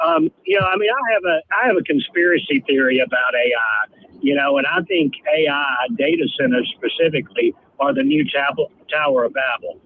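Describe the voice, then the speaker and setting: Animated caller on a tinny phone line. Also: male voice, fairly high pitch, a little fast, slight background noise. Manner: animated, sarcastic storyteller. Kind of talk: call-in radio chat.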